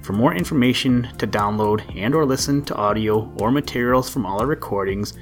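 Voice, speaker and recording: A man hosting a podcast, reading a children's storybook aloud in a gentle, lilting manner and giving the characters little voices. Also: mid-range voice, fairly quick, faint music behind.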